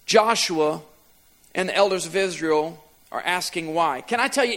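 High-voiced man preaching a sermon. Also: normal speed, a bit bright. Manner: preaching with repeated refrains and rising emphasis. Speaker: pastor.

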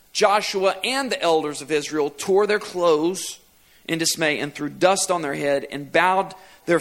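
A man's voice: high-pitched, fairly bright tone. A man preaching a sermon as pastor, retelling a scripture passage and driving home repeated refrains with rising emphasis.

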